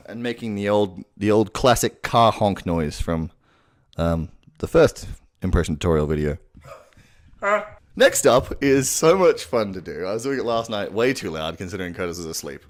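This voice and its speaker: Low-voiced man teaching cartoon voices, crude and rambling, pitch jumping all over. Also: expressive, normal speed. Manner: crude, rambling, self-mocking. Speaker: voice impression tutor. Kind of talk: casual tutorial. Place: home room at night.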